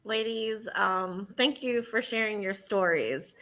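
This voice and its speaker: A woman hosting a talk show, guiding guests and viewers in a measured way with occasional fillers. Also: mid-range voice, a bit bright, poor audio. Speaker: host.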